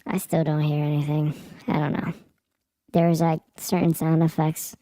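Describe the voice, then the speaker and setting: A man pitched up into a squeaky high voice. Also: flat delivery, normal speed, dark tone, no room sound. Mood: demonstrating. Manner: casual, demonstrating a voice changer. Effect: pitch-up voice effect.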